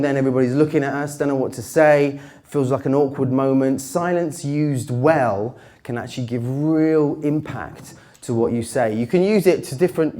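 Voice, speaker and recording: A man giving a conference talk on pitching, with a slightly worn voice, varying his pitch and dropping low with dramatic pauses. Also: a little mellow. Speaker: pitch coach. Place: conference stage.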